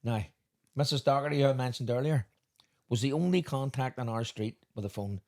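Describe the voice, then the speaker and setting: A man with a Northern Irish accent telling swearing, animated stories in a casual podcast chat. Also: medium pitch, brisk. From Northern Ireland. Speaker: podcast host.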